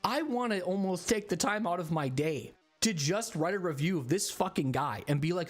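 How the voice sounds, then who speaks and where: A man streaming a game who rants to his viewers in casual chat, swearing often and rambling through an animated story. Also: on the high side, fast talker, hardly any pauses, soft background music.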